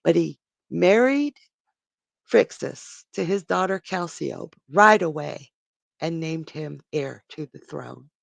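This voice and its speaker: A dramatic storyteller narrating a myth on a live stream, with pauses and restarts. The voice is slow and gravelly, and the sound is close and dry. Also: mid-range voice, animated, no echo.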